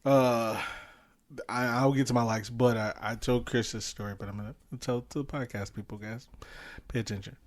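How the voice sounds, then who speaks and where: A man with a middle-pitched voice co-hosts a casual movie podcast. He tells his stories in an easygoing, wry way, chuckling along as he goes. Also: normal speed. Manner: relaxed, wry storytelling with chuckles. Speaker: podcast co-host. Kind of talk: casual movie review chat.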